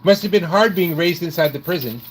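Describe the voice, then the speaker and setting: A man's voice: on the high side, a little fast, background noise. A man in his sixties from New York, chatting casually and telling rambling stories, often restarting his sentences. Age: 60s. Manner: rambling, self-correcting storyteller. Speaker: host. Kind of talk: casual chat.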